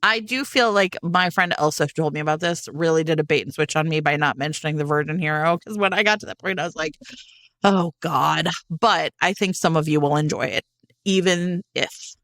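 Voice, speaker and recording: A woman's voice: low-pitched, brisk, a bit bright, no room sound, clean studio sound. A woman co-hosting a podcast in casual chat about romance books, laughing often and swearing with enthusiasm. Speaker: podcast co-host.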